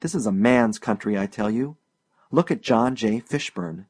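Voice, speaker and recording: Man doing a pushy eager young guy bragging about his town, loud and emphatic, audiobook. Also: on the low side, moderate pace, slightly rough. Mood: boastful.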